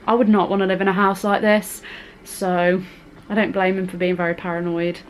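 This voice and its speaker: A woman's voice: mid-range voice, flat delivery, brisk, slight background noise, poor audio. A young woman talking through a scary film as a vlogger, gasping, squealing and chatting in a casual reaction vlog.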